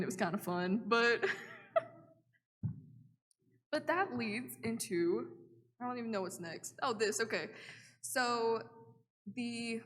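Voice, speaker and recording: A woman's voice: mid-range voice, a bit bright. A young woman, telling a missionary story to a church and acting out her own quotes with lots of "like.". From Oklahoma. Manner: chatty, acts out her own quotes, many "like" fillers. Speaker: missionary giving a report. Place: church sanctuary. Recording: reverberant church hall.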